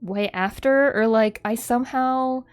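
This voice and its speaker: A woman's voice: fairly high pitch, unhurried, clean tone, faint music behind. A young adult woman streaming as a VTuber, chatting casually with lots of "like" fillers and frequent giggles. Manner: rambling, many "like" fillers, giggly. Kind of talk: casual live-stream chat.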